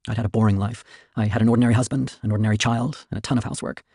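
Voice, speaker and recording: Fast gravelly man reading aloud. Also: on the low side, steady tone, mellow, no echo, clean studio sound. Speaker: streamer reading a novel. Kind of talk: casual reading aloud of a novel.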